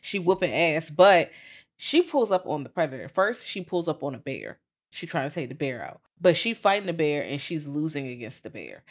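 Woman, low pitch, podcast co-host, casual movie recap, animated storytelling, profane slang. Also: moderate pace.

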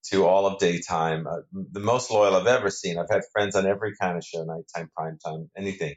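A man with a very low voice chats casually as an interview guest. He rambles, restarts his sentences and leans on fillers as he talks. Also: steady tone, brisk, muffled recording. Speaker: soap opera actor guest.

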